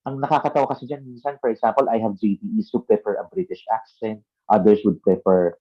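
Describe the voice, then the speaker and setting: A man's voice: fairly low pitch, fairly even intonation, fast. A Filipino man with a Filipino accent hosting a casual chat, mixing Tagalog and English and tagging sentences with "no?". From Philippines. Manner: conversational, mixing Tagalog and English, frequent "no?" tags. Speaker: vlog host and ALT teacher. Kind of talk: casual Taglish panel chat. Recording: dull lo-fi audio.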